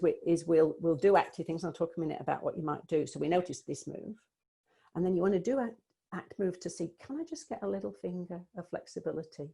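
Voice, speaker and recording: A woman coach giving an online presentation over a video call, explaining ideas warmly and thinking aloud with some restarts. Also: on the low side, vocal fry, breathy edge.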